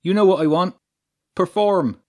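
A man voicing a young, wiry male lighting technician who talks fast and shows off his gear. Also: medium pitch, lively intonation, voice pushed up, close to an everyday voice. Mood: teasing.

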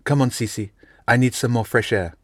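A man's voice: mid-range voice, moderate pace, no echo, voice pushed up, close to an everyday voice. A man reading an audiobook, voicing a dry, stylish teenage French girl who talks teasingly.

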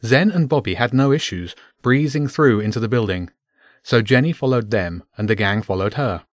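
A man narrating a children's storybook in a steady, even reading voice. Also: medium pitch, normal speed, no echo, studio quality.

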